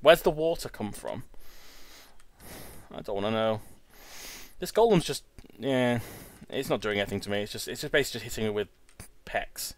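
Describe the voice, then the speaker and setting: A man's voice: fairly low pitch, animated, moderate pace, long pauses, no echo. A young man in his twenties hosting a let's-play, rambling casually and tripping over his words. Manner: chatty, rambling, stumbles and repeats words. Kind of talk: casual gameplay commentary. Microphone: home recording setup.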